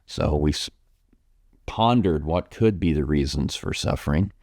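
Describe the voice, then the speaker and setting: A man, a pastor with an American accent, answering questions from his congregation in a gentle, reflective way with frequent ums and restarts. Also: a bass voice, animated, measured pace, dry recording, clean studio sound. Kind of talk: pastoral Q&A talk.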